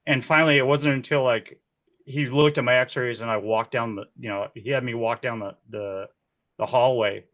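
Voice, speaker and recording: A man in his forties tells his stories with lively energy, often laughing and slipping into the voices of the people he quotes. His pitch sits in an ordinary middle range. The recording sounds a little dull and lo-fi. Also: moderate pace. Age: 40s. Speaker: key grip, interview guest. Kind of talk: casual storytelling.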